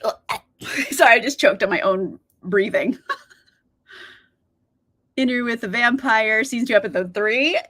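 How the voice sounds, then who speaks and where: A woman's voice: on the high side, measured pace, pauses often, sharp tone. A young woman hosting a livestream in casual chat, bubbly and giggly, greeting viewers by name. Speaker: livestream host.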